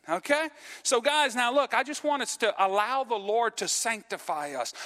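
A man preaching in an earnest, conversational way, checking in with the congregation and calling for amens. His voice sits high for a man and rings bright and forceful. The sound carries the long reverb of a church hall. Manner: earnest, repeats "okay?" and calls for amens. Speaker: pastor. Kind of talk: sermon. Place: church sanctuary.

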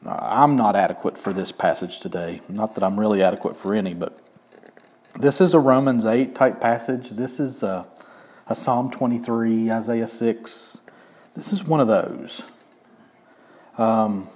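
A man preaching a sermon in a relaxed, wry tone, often asking his listeners questions. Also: mid-range voice. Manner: conversational, wry, asks the congregation questions. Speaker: pastor.

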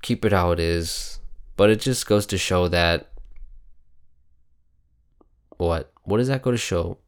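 Male host for off-the-cuff news talk: blunt and profane, with a low, resonant voice. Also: slow pace, clear, resonant tone. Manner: reads headlines aloud and reacts with heavy swearing; blunt, outspoken. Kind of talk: casual news commentary.

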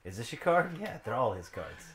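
A man's voice: mid-range voice, very animated, fairly quick, echoey room. A man joking sarcastically while gaming with friends. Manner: sarcastic, wry. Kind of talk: casual gaming banter.

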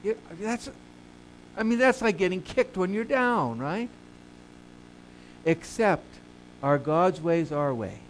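A male pastor preaching a sermon who asks the congregation questions and answers them himself, moving between soft low asides and loud emphatic rises. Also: lively intonation, slow, pauses often, slight background noise, rough recording.

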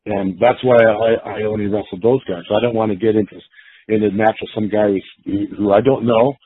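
A man's voice: fairly low pitch, steady tone, brisk, slightly rough. A man casually telling a long story, acting out the quotes of the people in it, with many restarts. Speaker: guest storyteller. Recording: tinny phone-like line.

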